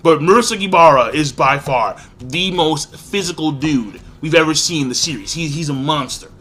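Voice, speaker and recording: A man giving a casual, excitable spoken review, acting out characters' lines with big jumps in pitch. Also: moderate pace, slightly rough, soft background music. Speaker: anime reviewer.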